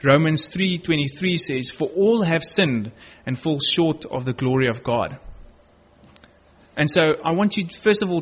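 A man's voice: a little high, a bit bright, breathy edge. A man preaching a sermon, reading Bible verses aloud and earnestly stressing key words. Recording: dull lo-fi recording.

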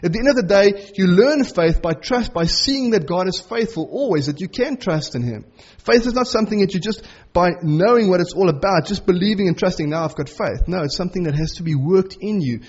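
A middle-aged man preaching a sermon in an earnest, conversational way, slowing right down on key phrases. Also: high voice, expressive, a little mellow, husky, muffled recording.

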